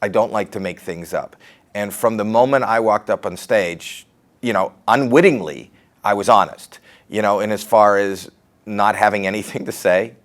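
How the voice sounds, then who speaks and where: A man's voice: lowish voice, moderate pace. A middle-aged man with a Canadian accent, talking through his comedy career in a candid, rambling, self-deprecating interview.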